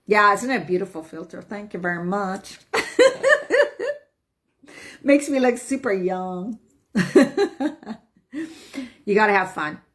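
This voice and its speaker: A woman's voice: mid-range voice, unhurried, pauses often, a bit bright. Woman coach on a live stream, chatty and upbeat, lots of "right?", phone or webcam mic. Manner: upbeat, emphatic, repeats "right?". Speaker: health and eating coach. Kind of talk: casual live-stream talk.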